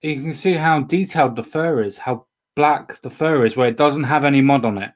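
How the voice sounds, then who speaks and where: A man's voice: medium pitch, normal speed. A man hosting a casual chat show, swearing freely and often restarting his sentences. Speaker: show host.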